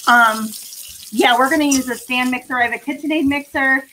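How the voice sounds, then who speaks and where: A woman's voice: sits high, brisk, low-quality recording. A middle-aged woman hosting a casual cooking livestream from her home kitchen, explaining each step as she chats. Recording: home kitchen with loud background noise.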